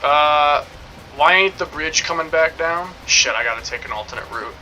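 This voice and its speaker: A man's voice: fairly high pitch, animated, normal speed, pushed and bright, highs cut off, faint music behind. A young man streaming a game, rambling and joking in casual commentary, swearing now and then.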